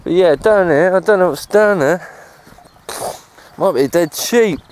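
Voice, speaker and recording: Male cycle-touring vlogger, slightly high voice, loose and profane, talking to a handheld camera outside with faint background noise. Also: a little slow. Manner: rambling, swears freely. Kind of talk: casual chat while riding. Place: outdoors on a rural cycle path. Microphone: handheld camera while cycling one-handed.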